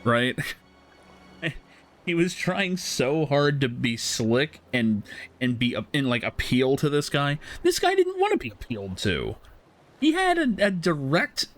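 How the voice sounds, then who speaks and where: A man streaming a game, casually telling a story with frequent laughs and swearing. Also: medium pitch. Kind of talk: casual storytelling while gaming.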